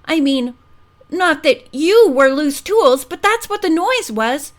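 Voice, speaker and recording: A flustered teenage girl, voiced by a woman reader, rushes her excuses in a high, bright voice. She is excitable and playful in a storybook way. Her lines bounce up in pitch. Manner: excitable, defensive.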